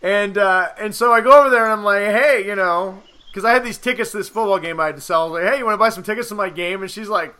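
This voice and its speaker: A man in his thirties telling a casual, rambling story on a podcast, animated, swearing freely and acting out the lines he quotes. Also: high-pitched, fast, few pauses, clear, resonant tone. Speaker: podcast co-host.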